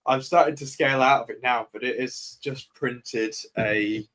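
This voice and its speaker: A man joining a livestream as a guest trader, chatting in a relaxed, wry way. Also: medium pitch, moderate pace. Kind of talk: casual livestream chat.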